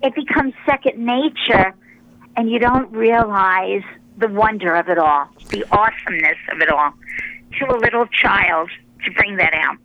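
A woman, a religious sister, telling stories in a relaxed radio interview, pausing often with fillers as she rambles along. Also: mid-range voice, muffled recording. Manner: rambling, warm storytelling with many pauses and fillers.

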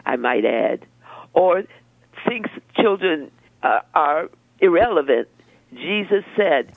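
An older woman, a religious sister, speaking in a gentle preaching and storytelling way, often repeating words as she begins a thought. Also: sits low, lively intonation, unhurried, no echo. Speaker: religious sister, interview guest. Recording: dry, phone-like narrow sound.

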